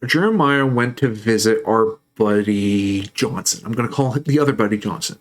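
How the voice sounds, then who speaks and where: A man's voice: fairly low pitch, normal speed. A man casually commenting on a game he is playing, rambling through a story and laughing often. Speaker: streamer playing a shooter game.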